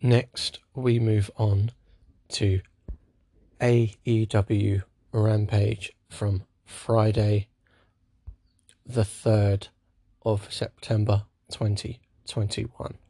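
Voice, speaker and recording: A man's voice: fairly low pitch, level tone, extremely slow, mellow, dry recording. A man giving a casual spoken recap of a wrestling show, with dry, sarcastic asides.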